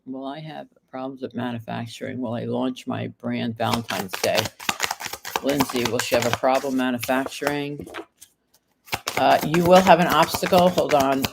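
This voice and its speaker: This tarot reader's voice is gravelly and extremely low, set against a noisy background. She's streaming live while getting over an illness, reading out questions from viewers and working through the answers one card at a time.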